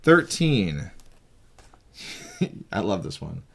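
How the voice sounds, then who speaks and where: A man's voice: low-pitched, very animated, drawn-out words, vocal fry, background noise. A man acting as game master who walks a friend through making a tabletop game character, talking in a breezy, teasing way with frequent restarts. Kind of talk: casual tabletop game explanation.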